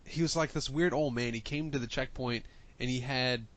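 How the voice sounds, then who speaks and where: A man's voice: mid-range voice, moderate pace, a bit bright. A man with a mid-range voice co-hosts a casual podcast. He tells stories loosely and breaks into laughter as he goes. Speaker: podcast co-host.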